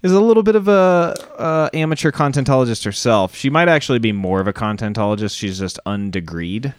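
A man co-hosting a podcast in casual chat, joking in quick banter. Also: medium pitch, lively intonation, clear, resonant tone. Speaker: podcast co-host.

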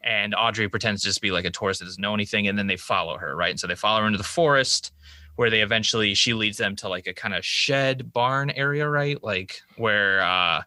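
Male co-host, casual recap chatter, low-set voice with a bright, forceful edge, dry close sound. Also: no echo. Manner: loose, profane storytelling with quick quoted asides. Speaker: podcast co-host recapping a TV episode. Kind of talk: casual chat.

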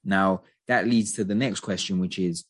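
A man co-hosting a podcast, chatting casually and giving animated opinions with plenty of hedging. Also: deep voice, moderate pace, no echo. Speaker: podcast co-host.

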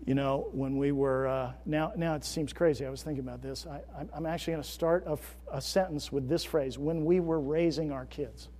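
A middle-aged man preaching a sermon as a pastor, moving between loud, emphatic declarations and quiet, conversational asides. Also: a little high, steady tone, fairly quick, hardly any pauses, big-room sound.

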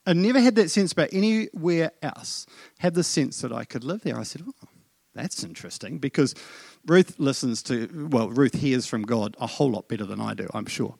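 A middle-aged man from New Zealand with a New Zealand accent, telling a story in a sermon with lively asides to the congregation. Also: medium pitch, moderate pace, gravelly, no echo. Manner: animated, self-deprecating storytelling with asides to the congregation. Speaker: pastor. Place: church.

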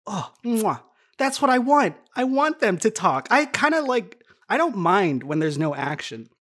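A woman co-hosting a casual podcast chat, animated and laughing often as a self-described nerd. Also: mid-range voice, normal speed. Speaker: podcast co-host.

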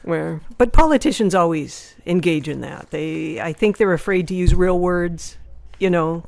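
A woman co-hosting a casual talk show, chatty and quick to chime in with agreement. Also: fairly low pitch, animated, creaky, darkish tone, dry recording. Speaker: podcast co-host. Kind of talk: casual conversational chat.

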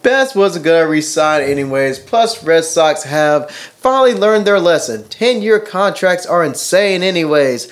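A man co-hosting a casual chat, reading comments aloud with dry, wry remarks. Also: sits high. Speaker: podcast co-host.

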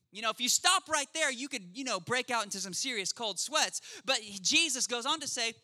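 Lively man preaching a sermon, bright voice. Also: high-pitched, fairly quick, few pauses. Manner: conversational preaching, checks in with the crowd; acts out quoted voices in a lively way. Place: church service.

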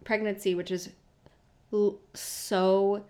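A woman's voice: medium pitch, flat delivery, takes it slowly, dark tone. A young adult woman co-hosting a casual podcast, recapping reality TV bluntly, swearing freely and laughing often. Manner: candid, profane, laughs often, quotes people in small voices. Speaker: podcast co-host.

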